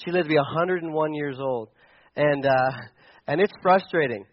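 A man's voice: a little high, normal speed, dull audio. A young man preaching a sermon as a pastor, conversational and storytelling, with frequent restarts. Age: young adult.

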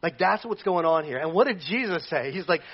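Guy pastor preaching, high voice, chatty and jokey, muffled recording. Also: a little fast, breathy edge. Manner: animated, conversational, jokey asides. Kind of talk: sermon.

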